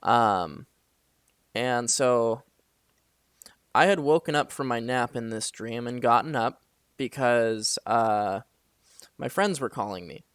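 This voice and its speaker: A man's voice: medium pitch, slow pace, long pauses, fairly bright tone, clean tone, dry recording, studio quality. A young man telling a story to his camera late at night, rambling with many fillers and swearing when he vents. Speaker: vlogger.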